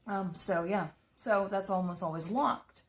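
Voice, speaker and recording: A woman's voice: mid-range voice, measured pace. A young woman casually telling spooky personal stories from her apartment, chatty and swearing freely. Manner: chatty, swears often, animated retelling. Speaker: beauty vlogger. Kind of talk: casual storytelling.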